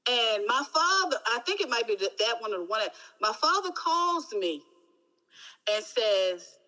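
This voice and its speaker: A woman with a Baltimore accent chatting casually on a podcast, telling stories with animated exclamations. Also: on the high side, a little slow, rough recording. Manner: animated storytelling, laughing, exclamations. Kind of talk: casual chat.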